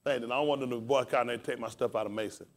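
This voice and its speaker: A man's voice: medium pitch, steady tone, racing, slight background noise. A man pastor preaching and teaching scripture, calling out questions to his congregation and spelling words aloud.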